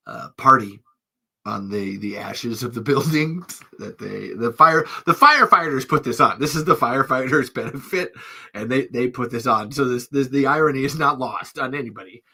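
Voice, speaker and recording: A man's voice: mid-range voice, husky. A man hosting a podcast, telling a story in casual chat, swearing freely, laughing mid-sentence and acting out what people said. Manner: animated, profane, acts out quotes in raised voices. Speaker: podcast host.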